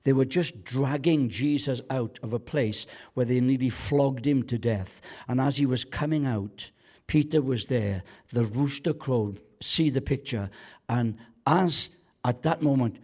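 A man's voice: mid-range voice, unhurried, a little mellow. A man preaching a sermon as a guest pastor, colloquial and joking, building to passionate calls to the congregation.

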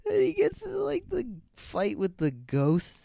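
A man's voice: very high voice, huge pitch swings, a little slow, gravelly, mellow, no echo, studio quality. A man co-hosting a casual movie podcast, reacting to his partner and adding details from the film. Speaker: podcast co-host.

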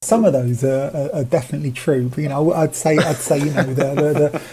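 A man's voice: fairly high pitch, fairly quick, warm tone, a little hiss or hum. A man with a South London accent chatting as a podcast guest, rambling with slang and restarts. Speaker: guest, pizza reviewer. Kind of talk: casual podcast chat.

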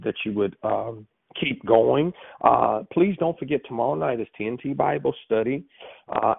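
A man, preaching as a pastor on a call line, animated and storytelling. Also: medium pitch, vocal fry, husky, dry recording. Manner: storytelling, animated, lively with asides. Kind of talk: sermon on a prayer call line. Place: phone call. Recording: tinny phone line, dry.

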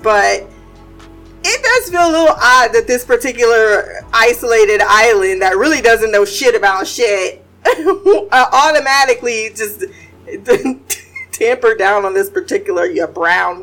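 Animated, swearing woman reviewing a series. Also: fairly high pitch, low-quality recording. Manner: animated, swears, laughs often. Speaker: TV series commentator. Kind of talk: casual reaction commentary.

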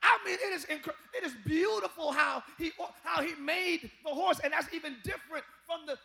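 High-voiced, gravelly preacher man shouting. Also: normal speed. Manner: animated, humorous preaching with shouts and chanting. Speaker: pastor. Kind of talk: sermon. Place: church sanctuary.

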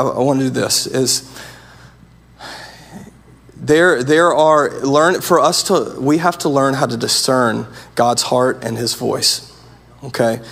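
A man's voice: mid-range voice, vocal fry, a bit bright, slightly rough. A man preaching a sermon as pastor, earnest and conversational, often restarting his sentences.

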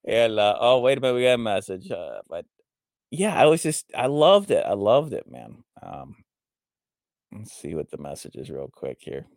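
Low-voiced rambling male live-stream host. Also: very animated, moderate pace, creaky, a little mellow, no room sound, clean studio sound. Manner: rambling, full of fillers and restarts. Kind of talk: casual live-stream monologue.

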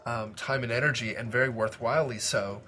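A man co-hosting a casual podcast, talking in a relaxed, rambling way with many fillers. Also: medium pitch, a little fast. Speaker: podcast co-host. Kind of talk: casual chat.

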